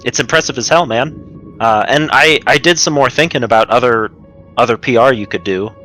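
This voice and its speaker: A man's voice: medium pitch, moderate pace, bright, forceful tone, soft background music. A man playing a tabletop game, talking casually in character with lots of fillers. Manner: casual, filler-laden, enthusiastic. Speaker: player.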